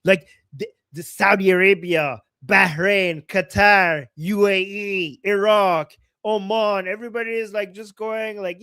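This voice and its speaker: A woman's voice: mid-range voice, steady tone, unhurried, a bit bright, no room sound. A woman co-hosting a livestream, commenting casually and animatedly, often laughing and mimicking voices. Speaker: livestream co-host.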